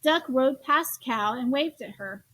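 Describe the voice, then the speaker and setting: A woman reading children's picture books aloud in an expressive storytelling manner. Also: high-pitched, a little slow, no echo. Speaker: storybook reader.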